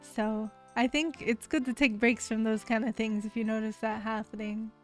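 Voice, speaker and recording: A woman's voice: on the high side, flat delivery, normal speed, soft background music. An American woman streaming, chatting casually with her viewers in a rambling way, full of fillers. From United States.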